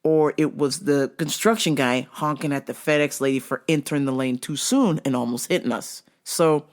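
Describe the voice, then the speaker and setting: A woman's voice: sits low, moderate pace. A woman hosting her show, telling a story casually with swearing and acted-out voices. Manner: animated, swears freely, acts out voices. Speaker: show host.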